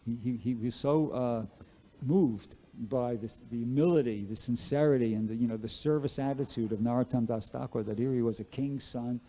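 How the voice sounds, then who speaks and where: A man's voice: medium pitch, moderate pace, mellow. A man giving a scripture class, telling devotional stories in a casual, rambling way with many fillers and restarts. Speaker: class speaker at a temple. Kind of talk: Bhagavatam class storytelling.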